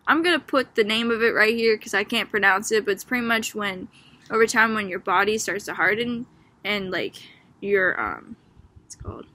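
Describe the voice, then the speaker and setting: Bright, chatty young woman from Boston. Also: mid-range voice, normal speed. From Boston, Massachusetts. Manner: chatty, filler-heavy with frequent "like" and "um"; amused, laughing as she talks. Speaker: student. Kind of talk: casual book discussion.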